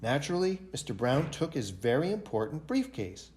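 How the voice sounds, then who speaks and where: A man, a library director, reading a picture book aloud for a children's storytime in an expressive way. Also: on the high side, normal speed, slight background noise.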